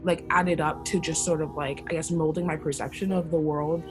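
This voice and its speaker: A woman from Florida speaking reflectively and hesitantly, with many pauses and fillers. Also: sits low, steady tone, over music, rough recording.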